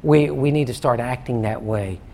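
A man preaching a sermon in a conversational way, often restarting and stammering, warming up as he goes. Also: mid-range voice, normal speed, gravelly, a little hiss or hum. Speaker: pastor.

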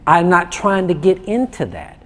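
A man preaching a sermon in a conversational way, often restarting and stammering, warming up as he goes. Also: high voice, huge pitch swings, normal speed. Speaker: pastor.

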